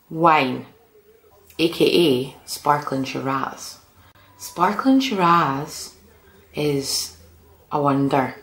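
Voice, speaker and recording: Low-voiced chatty woman vlogger. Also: gravelly. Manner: chatty and animated, with mild swearing. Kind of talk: casual chat to camera. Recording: echoey room.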